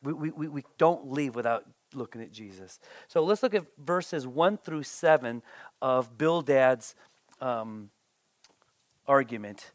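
A pastor preaching a sermon in an animated way, often repeating words and briefly acting out the people quoted. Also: mid-range voice, measured pace, dry recording.

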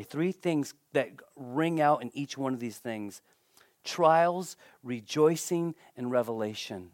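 A man preaching a sermon, telling a personal story in an animated, emphatic way. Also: mid-range voice, takes it slowly, no echo, studio quality.

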